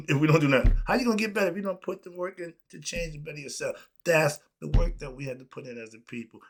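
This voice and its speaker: A man with a slightly high voice delivers an unscripted solo rant. He fires off rhetorical questions, laughs between points and swings from loud bursts to low mutters. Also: husky. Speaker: commentary channel host.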